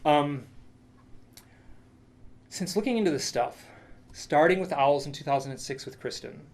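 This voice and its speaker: A man's voice: on the high side, expressive, unhurried. A man presenting a lecture with slides, telling a story with enthusiasm, many restarts and asides.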